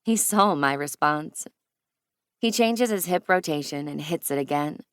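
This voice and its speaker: A woman narrating a romance audiobook in the first person, with even, close storytelling on a studio mic. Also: low-pitched, unhurried, clean tone, dry recording.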